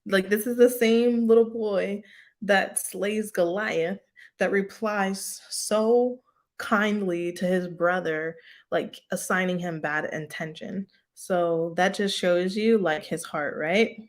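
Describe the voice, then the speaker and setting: A woman teaching a casual Bible study in a chatty way, full of "like" and "um" and quick laughs. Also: mid-range voice. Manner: chatty, lots of "like" and "um", laughs often.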